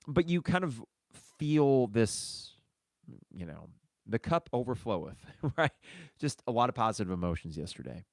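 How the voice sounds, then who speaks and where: A man's voice: mid-range voice, sing-song, normal speed, vocal fry, a little mellow, no echo, clean studio sound. A man hosting a casual solo sports podcast, reading listener mail and reacting in a chatty way. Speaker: podcast host.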